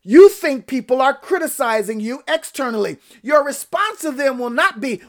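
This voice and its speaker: A woman's voice: high-pitched, lively intonation, normal speed, hardly any pauses, background noise. A woman preacher delivering a fervent sermon, calling out to her congregation by name and rising to emphatic peaks.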